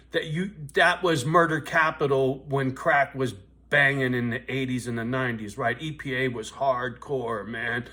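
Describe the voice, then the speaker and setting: A man's voice: mid-range voice, fairly even intonation, unhurried, bright, forceful tone. A man in his fifties telling a blunt, profane, streetwise story in a vlog, asking "right?" again and again. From US West Coast. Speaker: vlogger.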